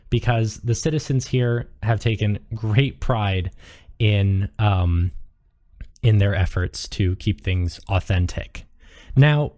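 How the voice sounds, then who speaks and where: A man's voice: medium pitch, darkish tone. A man narrating as game master in a loose, joking way with lots of fillers.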